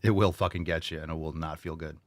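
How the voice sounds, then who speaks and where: Deep-voiced blunt male podcast host. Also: steady tone, fast, no echo, studio quality. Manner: blunt, joking, swears casually. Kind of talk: casual solo chat answering listener questions.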